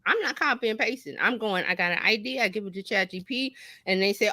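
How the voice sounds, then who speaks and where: A fast-talking woman with a mid-range voice appears on a talk show as a marketing coach, keeping things casual, lively and folksy. She acts out little quoted voices while explaining, and there's no room sound.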